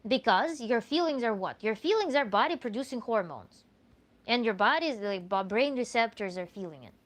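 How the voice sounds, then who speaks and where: A woman with a Russian accent, a coach answering viewer questions in an animated, earnest way with frequent restarts. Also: on the high side, moderate pace. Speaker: tantra coach.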